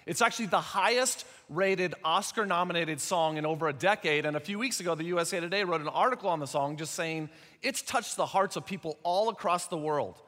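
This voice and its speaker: A man's voice: fairly high pitch, brisk, a bit bright. A middle-aged man preaching a sermon in a conversational, joking way, putting rhetorical questions to the congregation. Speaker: pastor. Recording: long hall reverb.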